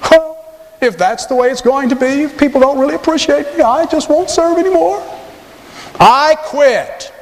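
A man's voice: very high-pitched, normal speed, voice pushed up. A man voicing a sulking, self-pitying church member who complains and threatens to quit. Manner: petulant, complaining. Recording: long hall reverb.

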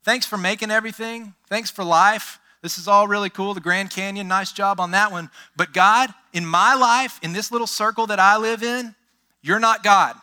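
A man putting on a boastful, proud man who talks down to God, loud and cocky with a bright, high voice. The tone stays dismissive and self-assured the whole way through. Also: normal speed, clean tone.

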